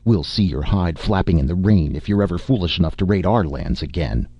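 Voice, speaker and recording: A man's voice: low-pitched, expressive, a little fast, husky, no room sound. A man doing a hurt young noble gunner. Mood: strained defiant. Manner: strained and defiant. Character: young injured male noble tank gunner, proud. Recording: dull lo-fi recording.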